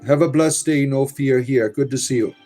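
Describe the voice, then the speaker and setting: A man's voice: medium pitch, normal speed, warm tone, soft background music. A man hosting a casual livestream, reading viewer comments aloud with wry remarks and muttered asides. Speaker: livestream host reading chat. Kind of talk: casual live-stream chat.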